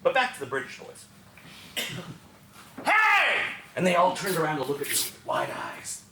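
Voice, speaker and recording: A man performing a one-man theatrical storytelling show with an American accent, animated and acting out other people's lines. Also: fairly high pitch, brisk, vocal fry, noisy background. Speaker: solo stage performer. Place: small theater stage. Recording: echoey theater room with faint ambience.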